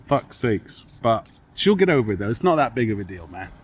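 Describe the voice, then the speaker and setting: Recorded outdoors beside a railway track, a young man co-hosting a podcast chats casually, swearing freely while staying laid-back and reassuring. He has a low, husky voice and a very animated, brisk delivery.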